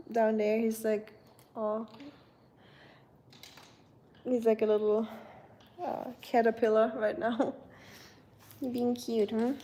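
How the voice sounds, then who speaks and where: A woman's voice: on the high side, dark tone. A young woman casually chatting with viewers on a home live stream, rambling with fillers and correcting herself as she talks. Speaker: livestream host.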